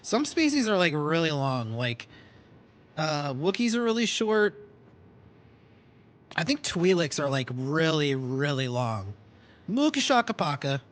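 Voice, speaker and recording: A man streaming a video game from home at night, chatting casually and quietly about what is on screen. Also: fairly high pitch, very animated, slow pace, pauses often. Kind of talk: casual gameplay chat.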